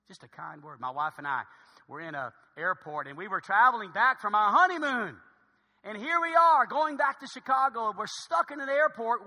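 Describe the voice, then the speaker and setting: A man preaching a sermon, an animated storyteller who acts out the dialogue and drops to a hush for quoted lines. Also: very high-pitched. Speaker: pastor. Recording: echoey hall with long reverb.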